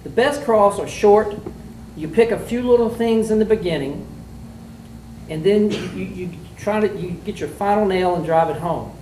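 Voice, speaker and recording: A man's voice: sits high, normal speed, a little mellow. A middle-aged man with a drawl, critiquing mock trial students as a judge. He coaches in a folksy, blunt, joking way. He is heard from a distance in an echoey room with a faint background hiss. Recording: echoey room, mic far off, faint noise.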